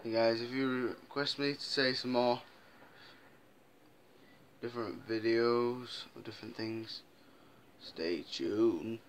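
A man's voice: mid-range voice, fairly even intonation, takes it slowly, pauses often, slight background noise. A man hosting a casual vlog, rambling and jokey with tangled wording. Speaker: YouTube host.

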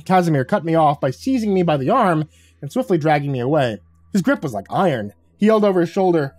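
Guy reading a creepy story, big pitch swings, quiet music behind. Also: quick pace, no echo. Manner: dramatic, expressive. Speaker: horror story narrator. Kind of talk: scripted horror narration.

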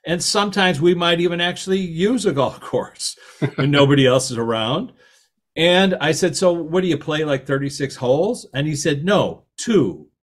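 A middle-aged man with a lively, anecdotal way of talking, telling stories in a talk and acting out the quoted voices. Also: fairly high pitch, normal speed. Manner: animated, anecdotal, laughs at his own stories, acts out quotes. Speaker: author and podcast host giving a talk. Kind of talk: storytelling talk.

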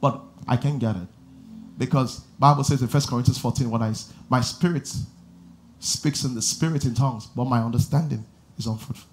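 A man preaching a sermon as pastor, asking the congregation questions and building to shouted passages. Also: mid-range voice, a little fast, a little hiss or hum.

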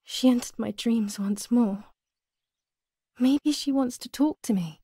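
A woman's voice: fairly high pitch, takes it slowly, mellow, slightly rough, no echo, clean studio sound, heavily acted. An actress voicing a troubled young woman haunted by her dead twin, speaking an anxious inner monologue in a video game. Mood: uneasy.

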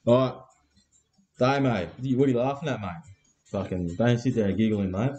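A man's voice: medium pitch, a little fast, mellow, lo-fi sound. An Australian man hosting a live card break, with crude, laddish banter and constant swearing.

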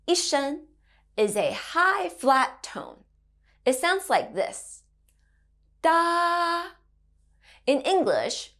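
A woman's voice: fairly high pitch, fairly bright tone. A woman teaching a children's language lesson, playful and sing-song, a mother drawing out her tones.

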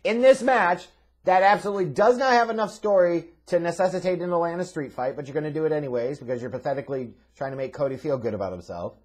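A man's voice: fairly high pitch, quick pace, slightly rough. A man reviewing a wrestling show in a profane, sarcastic, exasperated rant. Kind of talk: ranting video review.

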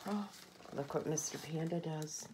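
A woman teacher reads a picture book to small children in a slow, unhurried way. Her voice sits on the low side, gentle as she points out each picture. A faint hiss runs underneath. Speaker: nursery school teacher. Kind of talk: storybook read-aloud for children.

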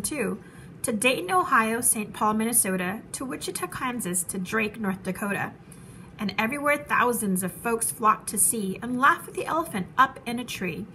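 A woman teacher reading a children's storybook aloud with animated, rhythmic rhyming narration. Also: fairly high pitch, slight background noise.

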